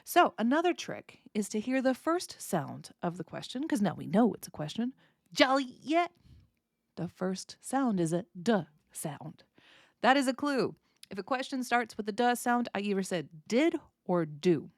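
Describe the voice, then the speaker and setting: American woman explaining speech, lively pitch. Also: normal speed, dry recording, clean studio sound. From United States. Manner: clear, explanatory, demonstrates sounds with exaggerated intonation. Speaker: English teacher, podcast host. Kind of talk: podcast lesson.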